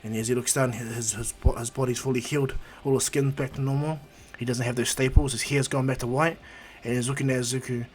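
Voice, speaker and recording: A man's voice: mid-range voice, fairly even intonation, quick pace. Male storyteller, rambling, filler-heavy, faint music bed. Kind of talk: casual fan-story retelling.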